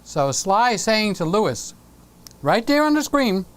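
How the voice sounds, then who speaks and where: Slow-talking playful woman hosting a live stream. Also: mid-range voice, very animated. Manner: playful and teasing, breaks into sung snippets. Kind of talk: casual live-stream chat, reading viewer comments aloud.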